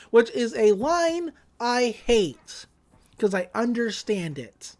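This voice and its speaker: A young woman co-hosting a podcast, casually recapping an anime episode and slipping into quick voices for each character. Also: on the high side, very animated, darkish tone. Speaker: podcast co-host.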